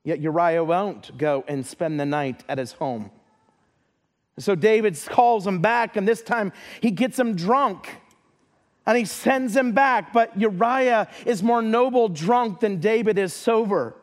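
A man's voice: high-pitched, a little slow. A man preaching a sermon as a pastor, earnest, often repeating words as he starts a phrase.

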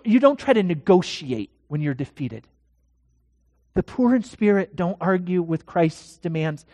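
A pastor delivering a dramatic sermon in a church, swinging from hushed to loud. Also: medium pitch, no echo, in a large hall.

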